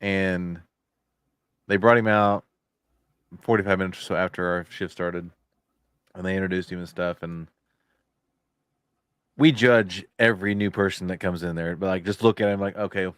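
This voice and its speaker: A man's voice: sits low, steady tone, moderate pace, pauses often, fairly bright tone, smooth, dry recording, studio quality. A man co-hosting a podcast, telling a rambling factory story in casual chat and swearing freely. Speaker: podcast co-host; factory worker.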